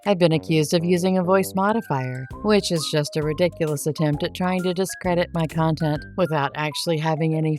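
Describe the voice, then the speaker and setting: A woman hosting a true crime podcast, talking in a sarcastic, defiant monologue. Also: low voice. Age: adult, married. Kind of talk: monologue to camera.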